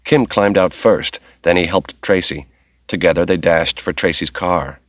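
A man giving steady, measured scripted narration of a novel, in a dull, lo-fi audiobook recording. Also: low-pitched, no room sound.

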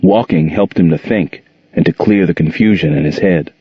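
Male narrator with a husky, low voice for a measured audiobook read, on a dull, dry recording. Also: dry recording. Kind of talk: scripted narration.

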